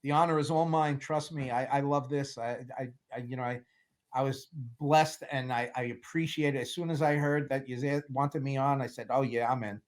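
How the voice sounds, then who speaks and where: A man in a casual interview, telling lively stories about making films and acting out what people said. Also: medium pitch, normal speed. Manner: animated storyteller, acts out quotes, laughs often. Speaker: film producer guest.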